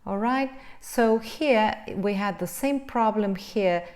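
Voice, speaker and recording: Very slow woman teacher. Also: medium pitch, a little mellow. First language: Spanish. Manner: drawn-out sounds, frequent "right?" checks. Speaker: English pronunciation teacher. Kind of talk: pronunciation lesson.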